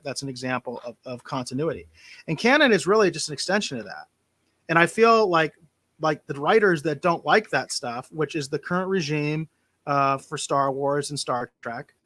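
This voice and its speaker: A man hosting a casual podcast chat, animated and opinionated, with big swings in loudness. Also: fairly high pitch, no echo. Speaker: podcast host.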